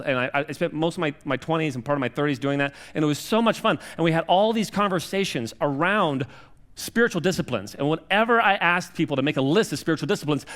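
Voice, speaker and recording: A man's voice: fairly high pitch, a bit bright. A man in his forties giving a humorous, chatty sermon in a church, self-deprecating, with many restarts and fillers. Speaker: guest preacher. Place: church sanctuary.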